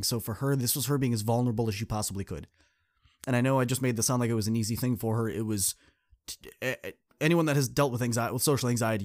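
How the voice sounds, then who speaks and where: A man, a student coach and podcast host, tells a story in an earnest, direct way and speaks straight to his listeners. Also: darkish tone. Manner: acts out quoted people with shifts in pitch. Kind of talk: casual podcast monologue telling a story.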